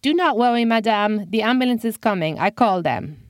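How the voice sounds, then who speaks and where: A man's voice: sits high, expressive, fairly quick, no room sound, studio quality, voice pushed up. A woman voicing a courteous, earnest French man with a French accent and formal phrasing. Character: polite, earnest French man, a good Samaritan.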